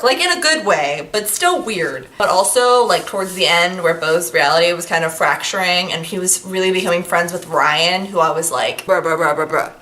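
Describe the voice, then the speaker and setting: Gushing chatty woman with a bright voice. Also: on the low side. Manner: gushing, chatty, lots of "like" fillers. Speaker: book reviewer. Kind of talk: casual vlog chat.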